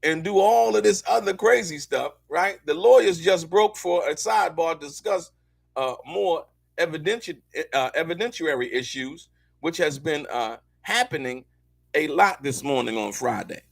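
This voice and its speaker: A man's voice: a little high, expressive, moderate pace, vocal fry, no echo. A man hosting a live show, commenting on court news in a loose, slangy way, repeating himself and talking straight to his viewers.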